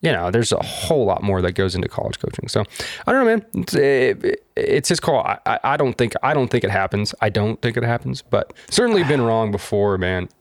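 A young man co-hosting a casual podcast, animated and exasperated, swearing freely. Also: fairly low pitch, a little fast, no echo, clean studio sound. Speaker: podcast co-host. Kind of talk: casual chat.

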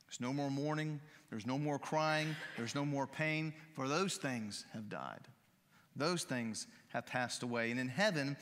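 A man's voice: medium pitch, fairly bright tone. A man preaching a sermon as pastor, earnest and rising in fervor on key phrases, then leading a closing prayer in a church. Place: church sanctuary. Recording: long reverb of a church hall.

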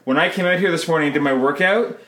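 A man's voice: on the high side, quick pace, a bit bright. Chatty man in a roomy space. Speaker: podcast host. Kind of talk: casual chat. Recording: roomy echo.

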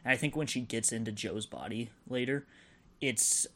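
An easygoing young man co-hosts a casual podcast and talks over a film with his friends. He pokes fun at himself now and then. His voice sits at an ordinary middle pitch. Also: normal speed, bright, forceful tone. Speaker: podcast co-host. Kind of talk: casual movie review chat.

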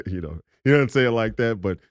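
A man's voice: lowish voice, animated, moderate pace, no echo. A man co-hosting a podcast, talking at length in a lecturing way with many restarts. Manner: lecturing, wordy, stumbles on restarts. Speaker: podcast co-host. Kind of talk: casual podcast talk.

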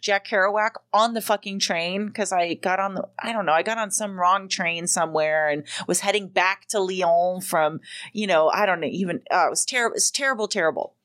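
A woman's voice: lowish voice, moderate pace, a bit bright. Rambling woman podcaster telling a story. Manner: rambling, lots of ums and likes, casual swearing. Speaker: podcast host. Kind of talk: casual storytelling monologue.

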